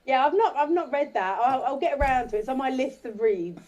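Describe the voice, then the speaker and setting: A woman's voice: high voice, expressive, a little fast, darkish tone. Dry woman on a dull-sounding recording. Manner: dry, sarcastic. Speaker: podcast panelist. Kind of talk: casual panel chat.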